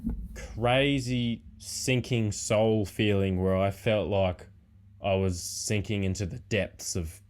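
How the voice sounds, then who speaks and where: A man's voice: fairly low pitch, steady tone, slow. A man talking as a podcast guest in a laid-back, rambling way, swearing a lot. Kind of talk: casual chat.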